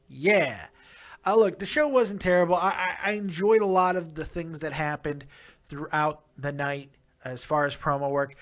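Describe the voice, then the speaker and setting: Upbeat, fairly high-voiced male vlogger. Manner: upbeat, rambling, talks straight to viewers. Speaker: wrestling show reviewer, host. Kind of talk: casual review vlog.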